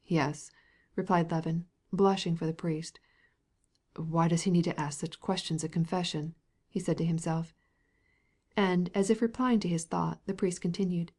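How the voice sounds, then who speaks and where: A woman narrating a classic novel in a measured, even audiobook reading. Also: on the low side. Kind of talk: scripted narration.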